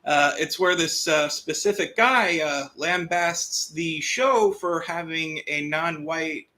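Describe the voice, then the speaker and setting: A man co-hosting a casual stream chat, talking slowly with many filler pauses. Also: on the high side, sharp tone. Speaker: co-host.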